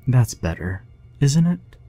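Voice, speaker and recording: A man voicing a lonely, kind middle-aged woman who speaks in a gentle, cooing, reassuring way in a horror story reading. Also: medium pitch, big pitch swings, takes it slowly, dry recording, pitched above the performer's own voice.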